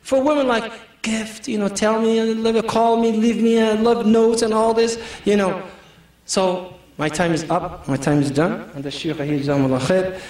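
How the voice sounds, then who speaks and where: High pitched guy preaching with jokes, lots of "you know", really echoey room. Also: steady tone, moderate pace, a little mellow. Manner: jokey, storytelling, full of "you know". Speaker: Islamic speaker. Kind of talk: humorous sermon to a community audience. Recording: echoey hall, mic far off.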